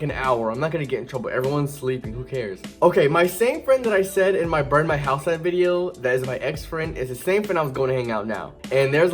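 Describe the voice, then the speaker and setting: Young guy telling a story, kinda high voice, super animated, quiet music under it. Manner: animated, jumps into loud high-pitched quoted voices. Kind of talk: casual storytime vlog.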